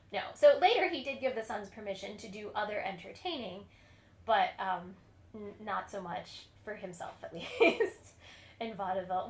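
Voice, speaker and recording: Woman cantor, history lecture, chatty storyteller who laughs often; mid pitch, echoey room. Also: fairly bright tone. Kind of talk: online lecture on music history.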